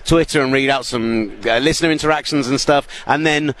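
A man's voice: mid-range voice, fairly quick. A man with a British accent, a sports radio presenter, chatting in an interview and telling stories with frequent laughter. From United Kingdom. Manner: chatty, laughs often, animated storytelling. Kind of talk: casual interview chat. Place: busy media hall.

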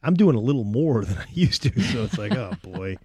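Brief: man in his forties, comedy guest, dry close sound, lively storyteller who slips into silly voices. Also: medium pitch, fairly quick, husky, no echo. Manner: animated storytelling, puts on voices for jokes. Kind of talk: casual chat.

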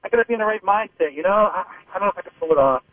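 A high, expressive male voice races along with no echo, coming through a phone on a narrow line. He's a sports reporter from Pittsburgh phoning a radio show with analysis, his sentences rambling, halting and frequently restarted.

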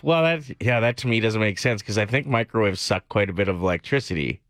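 A man's voice: on the low side, animated, quick pace, a bit bright, dry recording, clean studio sound. A man co-hosting a morning radio show, joking easily and laughing often in casual banter. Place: radio studio. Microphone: studio microphone.

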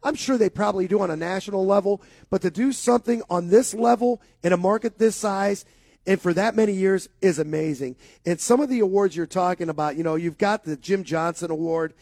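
A man's voice: high-pitched, brisk, vocal fry, darkish tone, dry recording. A man from co-hosting a sports radio talk show, talking with enthusiasm and emphasis.

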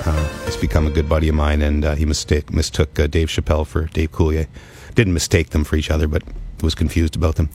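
A man co-hosting a podcast, telling rambling stories in casual chat and jumping up in pitch when excited. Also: fast, soft background music. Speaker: podcast co-host.

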